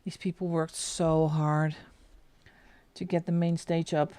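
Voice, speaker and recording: Giggly Flemish woman chatting slowly. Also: sits low, flat delivery, dark tone. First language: Dutch. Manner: giggly, laughs often, chatty. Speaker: live stream host. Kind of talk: casual chat while colouring.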